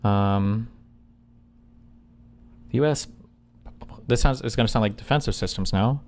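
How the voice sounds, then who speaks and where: A man's voice: lowish voice, a little slow. A man in an online political debate, skeptical, pressing for sources and reading articles aloud.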